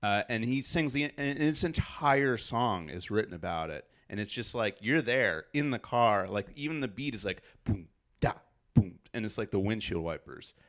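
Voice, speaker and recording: A young man with a low-pitched voice talks eagerly about songs he loves on a casual review stream. He is chatty and quick to laugh, and he keeps the tone loose and friendly. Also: expressive, a bit bright. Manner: enthusiastic, chatty, laughs easily. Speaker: co-host reviewing submitted music. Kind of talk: casual chat.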